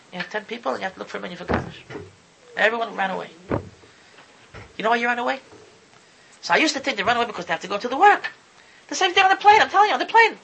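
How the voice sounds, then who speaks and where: A man's voice: extremely high pitch, gravelly, noisy background. A man giving an impassioned sermon, often stumbling over and repeating his words as he talks. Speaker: Torah speaker. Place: lives in Israel.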